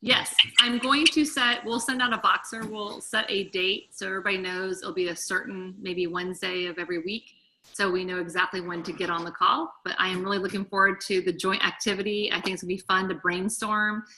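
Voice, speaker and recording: A woman's voice: mid-range voice, steady tone, brisk, sharp tone, slight background noise. A woman leading a group call, coaching her team in an eager, chatty, encouraging way. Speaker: team leader.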